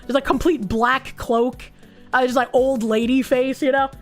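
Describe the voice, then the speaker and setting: A woman's voice: high voice, steady tone, normal speed, faint music behind. A young woman streamer chatting casually with her viewers in a blunt, sarcastic way, with a lot of swearing. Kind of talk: casual chat reacting to chat messages.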